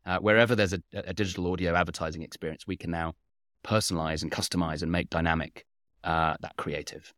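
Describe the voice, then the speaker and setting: Recorded cleanly in a studio with no room sound, a deep-voiced, fast-talking man with a steady, fairly bright tone responds at length to interview questions. He's a company founder who lays out points methodically in numbered order, peppering them with "uh" and "you know."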